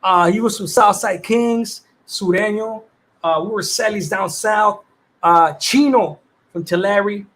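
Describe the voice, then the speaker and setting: A man's voice: high-pitched, unhurried, a bit bright. A man hosting a livestream, reading viewers' comments in casual chat, with streetwise slang and easy laughter. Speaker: livestream host.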